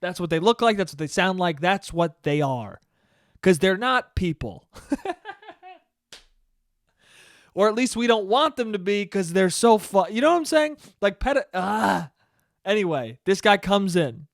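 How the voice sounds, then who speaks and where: A man's voice: high voice, animated, unhurried, long pauses, dry recording. A man hosting a solo podcast, telling a story in a profane, ranting, comedic monologue into a close mic. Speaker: podcast host.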